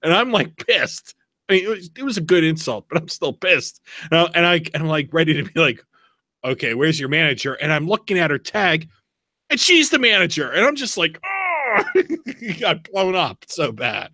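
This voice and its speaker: A bright, forceful male voice in casual podcast chat. He tells stories with animated energy and laughs easily. The sound is dry and close. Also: fairly high pitch, no room sound. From Pennsylvania. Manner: animated storyteller, quick laughs. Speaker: podcast host.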